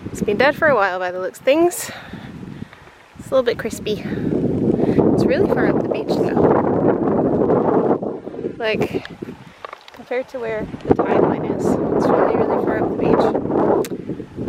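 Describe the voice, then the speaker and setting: A woman vlogging from a beach, chatty and gushing, thinking out loud as she films on a camera mic. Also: on the high side. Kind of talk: casual travel vlog. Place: windy beach outdoors. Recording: heavy wind noise outdoors.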